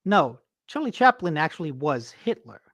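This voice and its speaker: A woman's voice: low-pitched, sing-song, moderate pace, no room sound. A woman co-hosting a casual gaming news podcast, making dry, wry quips. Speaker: podcast co-host.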